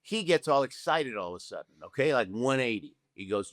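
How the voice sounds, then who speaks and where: An older Argentine man, a guest who is an Olympic luge athlete, tells his story in an energetic interview, speaking at medium pitch and a fairly quick pace. He plays out both sides of conversations and keeps tossing in tag questions like "okay?" and "right?". The recording is close and dry, with no room sound.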